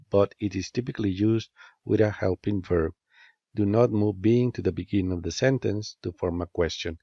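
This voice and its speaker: A man teaching an English grammar lesson, reading example statements and questions in a measured, scripted way. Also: lowish voice, a little mellow, no echo. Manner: measured, reads statement and question pairs with careful rising intonation. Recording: dull, lo-fi dry voice-over.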